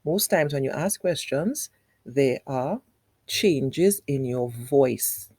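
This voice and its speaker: A woman's voice: a bass voice, lively intonation, slow, a little mellow, slightly rough, dry recording. A woman teacher giving a lesson to young children. She speaks directly to them, step by step and with repetition, using exaggerated, sing-song intonation. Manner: patient, explains step by step with repetition.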